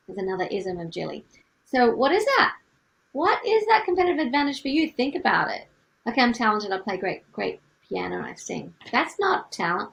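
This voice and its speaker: Gravelly-voiced Australian woman coaching. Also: on the high side, low-quality recording. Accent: light Australian. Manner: energetic, asks many rhetorical questions. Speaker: music business coach. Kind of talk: teaching to camera.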